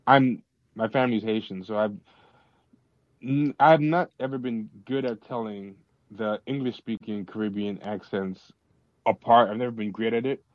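A man's voice: on the low side, steady tone, normal speed, no echo, highs cut off. A man hosting a call-in podcast, chatting in an opinionated way with frequent fillers and restarts, speaking into a tablet mic. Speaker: podcast host. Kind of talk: casual chat.

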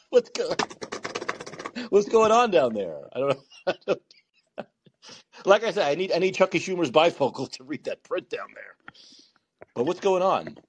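A man's voice: high voice, wildly swooping pitch, unhurried, pauses often, a little hiss or hum. A man hosting a call-in show, laughing, teasing and often repeating himself. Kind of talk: casual call-in chat.

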